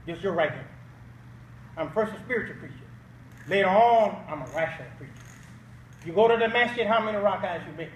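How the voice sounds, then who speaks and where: A man's voice: high-pitched, expressive, a little fast, pauses often, lo-fi sound, a little hiss or hum. An older man giving an emphatic Islamic talk as a guest speaker at a banquet, firing rhetorical questions for the audience to answer. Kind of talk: Islamic preaching at an awards banquet. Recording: echoey hall audio from a distant mic.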